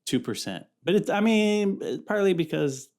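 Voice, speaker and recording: A man's voice: high voice, animated, moderate pace, darkish tone. A young man from California hosting a solo podcast, chatting casually in a rambling, slangy way that keeps interrupting itself. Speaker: podcast host.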